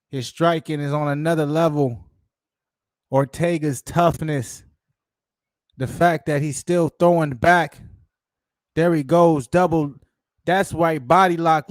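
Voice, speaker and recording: On a dry recording, a channel host with a voice on the high side leads a live fight watch-along. He talks in a hyped, slangy way and keeps repeating his exclamations.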